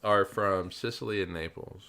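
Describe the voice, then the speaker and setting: A man's voice: deep voice, normal speed, bright, forceful tone, clear, resonant tone. A man from South Carolina co-hosting a podcast in casual chat, dropping dry, teasing asides. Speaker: podcast co-host.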